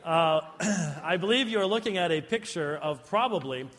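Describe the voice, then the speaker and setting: A man's voice: a little high, lively intonation, normal speed, fairly bright tone. A man giving a conference lecture to a live audience, with humorous, self-deprecating asides. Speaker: conference speaker. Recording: long hall reverb.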